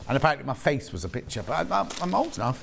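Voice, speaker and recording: Talking at a racing pace in a sing-song, creaky, slightly bright medium-pitched voice, a man with a British accent hosts a live shopping channel in a TV studio. He rambles chattily and pokes fun at himself, with slight background noise behind him.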